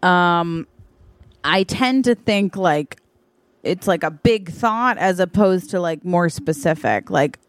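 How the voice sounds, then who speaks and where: A woman's voice: on the low side, lively intonation, slow pace, no echo. A woman co-host improvises a goofy romance plot, talking in a loose, chatty way full of fillers and giggles. The sound is dry and close, with no room around her voice. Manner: giggly, chatty, lots of likes and ums. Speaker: podcast co-host. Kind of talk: improvised comedy chat.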